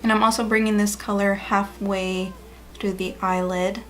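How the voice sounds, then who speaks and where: A woman's voice: medium pitch, little pitch movement, moderate pace, fairly bright tone. A woman beauty vlogger talking viewers through a makeup tutorial in a chatty, upbeat way. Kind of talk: casual makeup tutorial narration.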